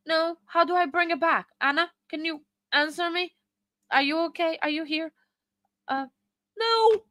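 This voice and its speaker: A woman's voice: extremely high pitch, sharp tone, dry recording. A woman hosting a live stream in casual chat, flustered and apologetic as she reads and answers viewer chat. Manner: flustered and apologetic, many fillers.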